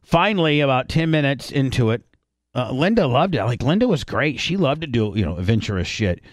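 A man's voice: mid-range voice, big pitch swings, a little fast, no echo. A man hosting a podcast, telling stories in a blunt, profane, rambling casual chat. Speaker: podcast host.

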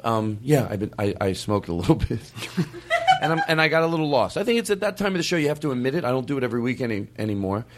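A man's voice: mid-range voice, very animated, racing, a little hiss or hum. A man hosting a comedy podcast in casual chat, rambling and self-aware, often slipping into mock voices. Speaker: podcast host.

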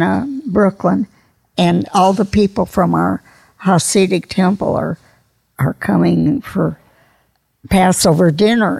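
A woman in her nineties, a grandmother slowly telling old jokes in a folksy, casual way. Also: fairly low pitch, darkish tone, dry recording. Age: 90s. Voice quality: creaky. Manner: slow, folksy joke delivery with voiced characters.

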